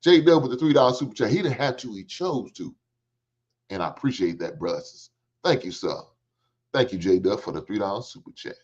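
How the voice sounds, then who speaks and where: A man's voice: lowish voice, expressive, fairly quick, darkish tone. A middle-aged man, hosting a livestream in casual, joking storytelling chat and swearing freely. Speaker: livestream host. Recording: dull lo-fi stream audio.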